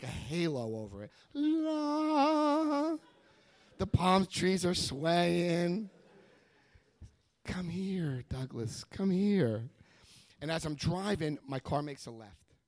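A man speaking at a recovery meeting, telling his own story to an audience in a lively, self-mocking way with jokes. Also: mid-range voice, no echo. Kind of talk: humorous personal storytelling to an audience.

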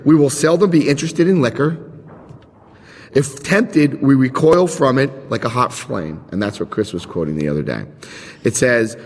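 A middle-aged man giving a recovery talk, telling lively stories with chuckles and frank asides, and reading out passages to explain them. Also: medium pitch. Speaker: recovery speaker. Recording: reverberant hall.

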